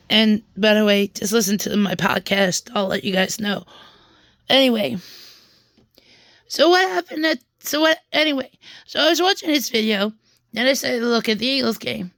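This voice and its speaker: A young woman talks straight to her viewers in a rambling storytime vlog, venting her frustration and tripping over restarts as she goes. Her voice sits fairly high. The sound is dry and close. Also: fairly bright tone, no room sound. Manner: frustrated, restarts and repeats words while venting. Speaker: vlogger.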